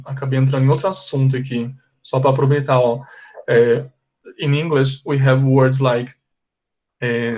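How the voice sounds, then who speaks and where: Brazilian man teaching English slowly. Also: mid-range voice, darkish tone. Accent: Brazilian Portuguese. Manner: explains slowly, stretches example words, checks in with "ok?". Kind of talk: bilingual classroom lesson. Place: classroom with a board.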